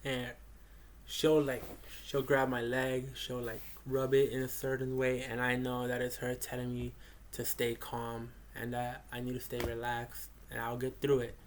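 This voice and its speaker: A man's voice: medium pitch, monotone, unhurried. A young man giving a casual spoken reflection, rambling with many fillers and restarts. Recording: faint background noise.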